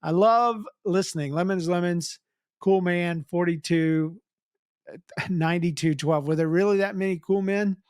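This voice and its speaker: Man, high voice, teasing podcast host, dry close mic. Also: steady tone, moderate pace, a little mellow, clean tone, no room sound. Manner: joking, teasing, chatty. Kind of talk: casual comedic chat.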